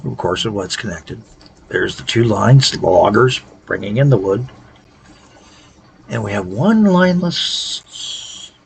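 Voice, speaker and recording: A tired man hosting a casual game tutorial, thinking aloud in a halting, low-key way. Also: vocal fry, slight background noise, poor audio. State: tired, worn out. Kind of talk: casual gameplay tutorial commentary.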